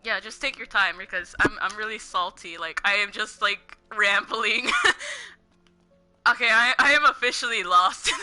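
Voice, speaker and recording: Giggly bright-voiced young woman ranting. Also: mid-range voice, normal speed, soft background music. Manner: giggly, heavy use of "like", ranting. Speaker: gaming streamer. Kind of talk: casual gameplay commentary, rambling.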